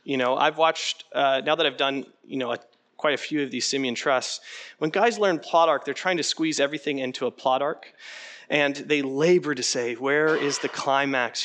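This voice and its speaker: A man leading an interactive teaching session, conversational and animated, often putting questions to the room. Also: on the high side, normal speed. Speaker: preaching workshop instructor.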